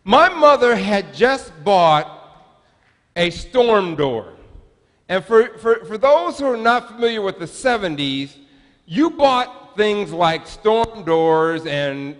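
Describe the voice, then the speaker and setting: A man in his forties preaches with a high, lively voice that swoops up and down. He tells stories in a chatty, humorous way that draws the congregation in. His words ring with the long reverb of a church sanctuary. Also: takes it slowly. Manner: animated, humorous, chatty storyteller. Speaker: pastor. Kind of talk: sermon with personal storytelling.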